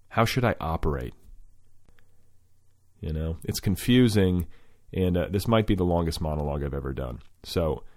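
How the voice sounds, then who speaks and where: A man's voice: sits low, mellow, no room sound, clean studio sound. A man hosting a podcast, telling a long rambling story full of fillers and restarts, then introducing his guest. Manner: rambling, filler-heavy, self-correcting. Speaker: podcast host. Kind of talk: storytelling monologue.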